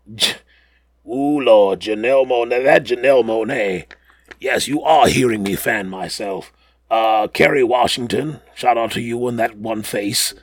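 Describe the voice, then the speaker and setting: A man's voice: on the low side, no echo, studio quality. A man hosting a podcast in casual chat, rambling and joking while getting over the flu. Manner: animated, rambling, jokey asides. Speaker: podcast host.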